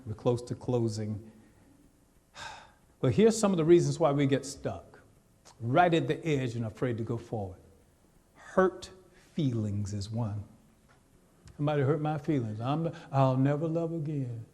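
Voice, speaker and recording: A man's voice: mid-range voice, warm tone. A male pastor preaching a sermon in a church sanctuary, talking straight to the congregation in a conversational, teasing way. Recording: long reverb of a church hall.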